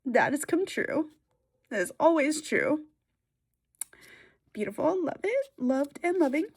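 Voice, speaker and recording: A woman's voice: high-pitched, sing-song, unhurried, darkish tone. A woman vlogger chatting casually to camera, giggly and emotional, tearful at times, with lots of fillers.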